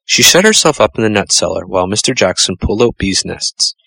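A man narrating a children's storybook in a measured, gentle storytelling manner. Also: sits low, vocal fry, slightly rough, no echo, rough recording. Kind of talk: storybook reading.

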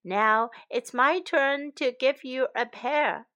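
A woman's voice: high voice, takes it slowly, bright, forceful tone, heavily acted. A woman voicing a poor but polite and cheerful male beggar in a children's storybook. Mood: grateful. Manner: polite, pleading.

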